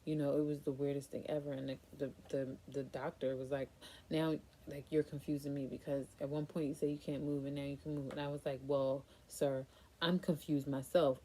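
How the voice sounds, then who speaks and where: A woman's voice: low-pitched, level tone, quick pace, warm tone, slight background noise. A young woman vlogger casually telling a frightening personal story, with many fillers and nervous laughs.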